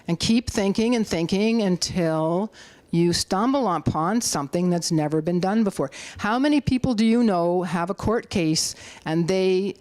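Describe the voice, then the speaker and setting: In a dry recording, a middle-aged Canadian activist gives a lively public talk in a community hall. She rallies those listening and voices quotes in a high pitch.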